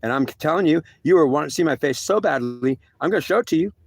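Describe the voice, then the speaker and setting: A man's voice: fairly high pitch, expressive, fast talker. A man voicing a stern, lecturing God. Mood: solemn. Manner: repetitive, lecturing, stumbling restarts. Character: stern, scolding male God speaking to a soldier.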